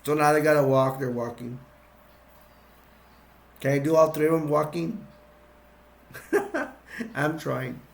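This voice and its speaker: A man casually retelling a movie plot, rambling and excitable, with restarts and sound effects. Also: fairly high pitch, slow, creaky, long pauses. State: sugar-boosted, energetic. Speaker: movie recap vlogger.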